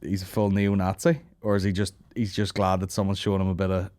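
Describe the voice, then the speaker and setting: A man's voice: low-pitched, level tone, fast talker, a little mellow. A man hosting a comedy podcast, reacting to a documentary with sweary jokes. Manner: sweary, joking, slips into mock voices. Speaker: podcast host. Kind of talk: comedic commentary over a documentary.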